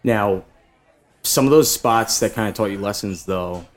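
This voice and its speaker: A man with a somewhat low voice hosts a relaxed conversation. He asks loose, friendly questions that steer his guest toward stories. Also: a little slow. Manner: easygoing, prompting questions. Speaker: podcast host. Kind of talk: casual interview.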